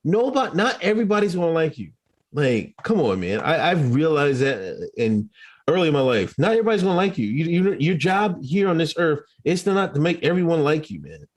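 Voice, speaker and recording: A man with a high-pitched voice rants his way through casual podcast commentary. His pitch leaps and dives constantly, and he mocks people freely with a lot of cursing. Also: fairly quick. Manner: animated profane ranting, mocking. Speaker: podcast co-host.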